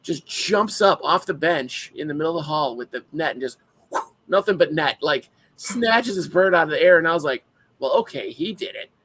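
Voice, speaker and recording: A man co-hosting a casual podcast chat, an animated storyteller who acts out his own shouts. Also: fairly high pitch, moderate pace, poor audio. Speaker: podcast co-host.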